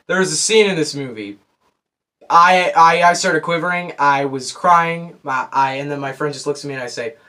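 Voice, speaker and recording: A teenage boy giving a casual, rambling movie review, excitable and full of restarts. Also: medium pitch. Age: teens.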